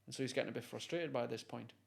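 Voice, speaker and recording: A man's voice: mid-range voice, rapid-fire, gravelly. A man, a guest and motivational speaker, telling stories animatedly in conversation. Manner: animated, acts out voices. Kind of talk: storytelling in conversation.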